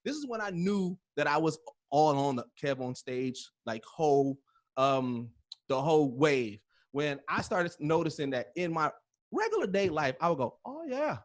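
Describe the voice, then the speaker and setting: A man hosting an interview show, telling stories in an animated way, acting out his own reactions and laughing easily. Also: on the high side, moderate pace. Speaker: host. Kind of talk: casual interview chat.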